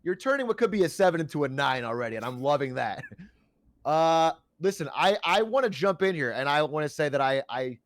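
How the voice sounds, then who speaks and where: A man playing a mock investor judge, talking in fast, hyped, salesy streamer banter. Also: a little high, lively intonation, dry recording.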